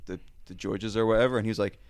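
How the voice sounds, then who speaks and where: Male podcast host, low voice, rambling casual storyteller. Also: steady tone, fast, darkish tone, smooth. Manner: rambling storyteller, swears freely, many "uh"s. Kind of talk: casual chat.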